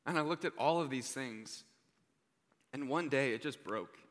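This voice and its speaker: Heartfelt and earnest, a young preacher speaks at a measured pace in a bright, forward voice of medium pitch. To drive points home he frequently sinks into a hushed tone, while a long hall reverb lingers after each phrase.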